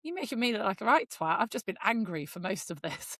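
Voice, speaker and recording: A woman's voice: mid-range voice, sing-song, quick pace, a bit bright, no room sound, studio quality. A woman co-hosting a podcast in casual chat, blunt and ranting, swearing freely. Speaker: podcast co-host.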